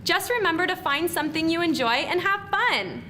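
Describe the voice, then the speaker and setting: A woman's voice: extremely high pitch, expressive, moderate pace, pushed and bright, slight background noise. A woman speaking to a school group as a presenter, upbeat and encouraging. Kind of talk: scripted talk to students.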